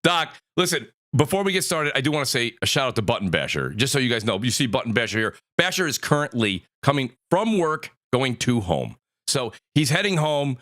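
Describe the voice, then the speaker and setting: A man hosting a live gaming podcast panel, introducing guests with energetic hype. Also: mid-range voice, a little fast, few pauses. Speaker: podcast host. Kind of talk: casual panel show hosting.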